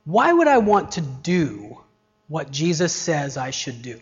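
A middle-aged man preaching a sermon in an unhurried, deliberate way. His voice sits a little high, and he leans on rhetorical questions. The recording sounds dull and lo-fi. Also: huge pitch swings. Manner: rhetorical questions, varied emphasis. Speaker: pastor.

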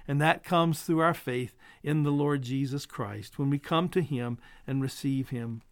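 A man preaching a sermon and leading a prayer in an earnest, measured way, growing soft and quiet at the ends of his points. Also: medium pitch, no room sound, clean studio sound.

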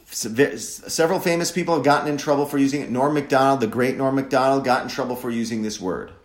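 A man's voice: mid-range voice, fast. A man from Wisconsin giving a sardonic, opinionated monologue as a commentator, mocking and mimicking voices to make his point. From Wisconsin, USA. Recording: roomy echo.

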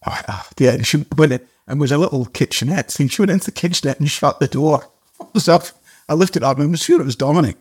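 An older man, an actor guest, telling a story casually in a halting way, with restarts and the odd casual swear. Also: fairly high pitch, breathy edge.

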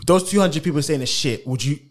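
A man, an actor and filmmaker, chatting casually in a relaxed, agreeable way and posing questions. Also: a little high, fairly quick. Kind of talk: casual podcast chat.

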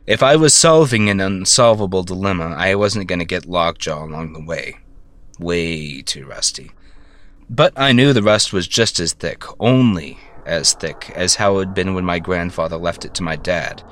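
Low-voiced man narrating a dark tale. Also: animated, no echo. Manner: halting, stammering self-corrections. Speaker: storyteller. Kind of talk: first-person story narration.

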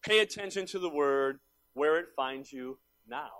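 A middle-aged male pastor preaching a sermon, emphatic and repetitive, swinging between loud exhortation and hushed asides. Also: fairly high pitch, animated, measured pace.

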